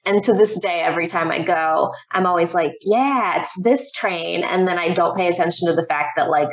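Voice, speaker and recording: A woman hosting a podcast, chatting casually and reacting with quick replies and laughter. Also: lowish voice. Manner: supportive listener, laughs and short replies. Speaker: podcast host. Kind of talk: casual chat. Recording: roomy, dull audio.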